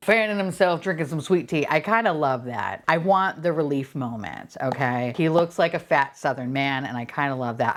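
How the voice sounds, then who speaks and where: A young adult woman talking casually as she unboxes blind-box toys at home, excitable and profane, gasping and squealing at what she pulls out. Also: low-pitched. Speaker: unboxing vlogger.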